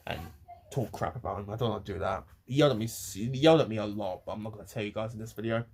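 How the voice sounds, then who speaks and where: An eighteen-year-old man rants to camera, rambling, with many pauses and restarts. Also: lowish voice, a little mellow, slightly rough. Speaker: vlogger. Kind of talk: ranting to camera.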